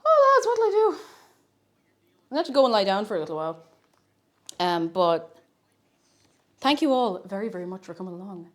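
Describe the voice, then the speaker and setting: A woman streaming live, chatting casually in a scattered, playful way that breaks into sing-song and shouting. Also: on the low side, lively intonation, moderate pace, pauses often.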